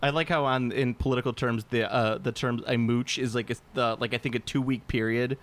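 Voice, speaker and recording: A man's voice: mid-range voice, steady tone, brisk. A man chatting casually on a podcast, rambling, laughing and swearing freely.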